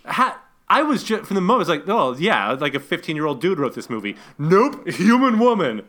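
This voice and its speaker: A man co-hosting a casual movie-review podcast, animated and indignant, with many stumbling restarts. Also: fairly high pitch, fast talker. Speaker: podcast co-host.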